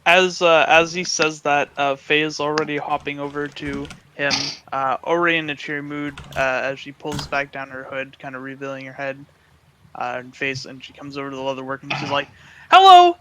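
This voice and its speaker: A man's voice: a little high, little pitch movement, fairly quick, sharp tone, slight background noise, rough recording. A man narrating his character's actions as a player in a tabletop game, hesitant and full of fillers.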